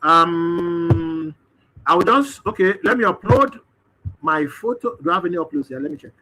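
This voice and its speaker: High-voiced man demoing software. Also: moderate pace, slight background noise. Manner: thinking aloud, hesitant fillers. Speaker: webinar presenter. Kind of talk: live screen-share software demo.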